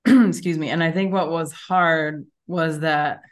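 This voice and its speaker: A woman's voice: deep voice, fairly even intonation, slow pace. A woman co-hosting a podcast, chatting casually and reflectively about learning a language. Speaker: podcast co-host. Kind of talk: casual chat.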